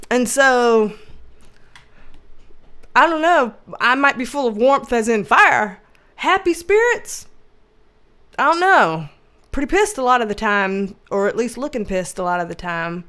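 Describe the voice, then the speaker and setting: A woman hosting a casual livestream, reading chat aloud, loud and animated, laughing and swearing often. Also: on the high side, slow, pauses often, clear, resonant tone.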